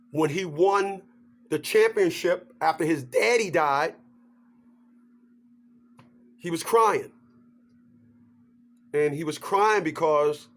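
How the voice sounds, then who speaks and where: High-voiced man on a slow comic rant. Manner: animated, joking, laughs through his points. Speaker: vlogger. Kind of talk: comedic rant to camera.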